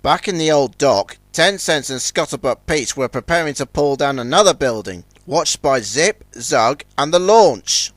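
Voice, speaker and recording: A man narrating a children's storybook in a scripted, expressive reading. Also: on the high side, measured pace, hardly any pauses, dry recording.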